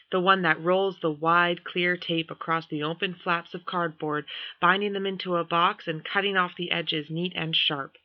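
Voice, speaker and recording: A woman reading a first-person novel aloud as audiobook narration, in a measured, even storytelling manner, with a dull lo-fi recording. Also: on the low side, dry recording. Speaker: audiobook reader.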